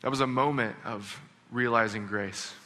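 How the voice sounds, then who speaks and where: A man preaching a sermon, telling a story earnestly and dropping to a hush on key lines. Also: medium pitch, steady tone, moderate pace. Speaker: pastor. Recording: long reverb of a large hall.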